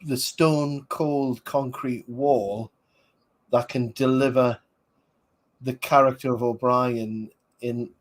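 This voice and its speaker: A man's voice: medium pitch, fairly even intonation, slow pace. A man, rambling casually as a podcast host reviewing a film, with many fillers. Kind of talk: casual movie commentary.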